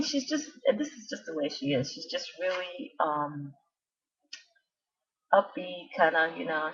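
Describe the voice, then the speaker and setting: A woman's voice: low voice, animated, moderate pace. A woman chatting casually on her vlog, telling a meandering story full of asides and restarts. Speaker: vlogger. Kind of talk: casual rambling chat. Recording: dull lo-fi recording.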